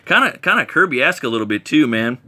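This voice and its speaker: A man's voice: mid-range voice, sing-song, quick pace, pushed and bright. A man casually reviewing comic books, rambling enthusiastically with many fillers and restarts.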